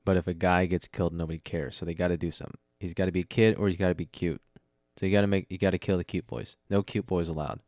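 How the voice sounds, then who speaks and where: A yawning man hosting a solo podcast, talking in a loose, rambling way with a deep voice. He keeps laughing at his own jokes and catching himself mid-thought. The sound is dry and close, recorded at home on a desk mic. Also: little pitch movement, quick pace, a little mellow, no echo. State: sleepy, yawning. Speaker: podcast host. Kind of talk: casual solo podcast talk. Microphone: studio mic with audio interface.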